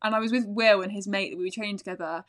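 A woman in casual conversation who talks very fast, hardly pausing for breath, laughing often and swearing now and then. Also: mid-range voice, steady tone, fairly bright tone. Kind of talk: casual chat.

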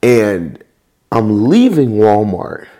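A young man, a podcast guest and worship leader, telling a story casually in an animated, slangy way. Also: fairly low pitch, drawn-out words.

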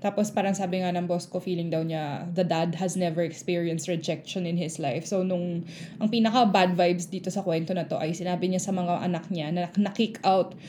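A woman's voice: on the low side, steady tone, brisk, few pauses, dark tone, a little hiss or hum. A woman, a teacher telling a story in casual chat and acting out the people in it. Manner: mixes languages, acts out quoted kids and adults.

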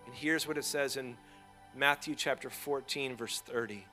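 A man preaching a sermon, drawing the congregation into call-and-response and moving between hushed, slow passages and loud, rising ones. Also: mid-range voice, faint music behind. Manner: playful asides to the audience. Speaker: pastor.

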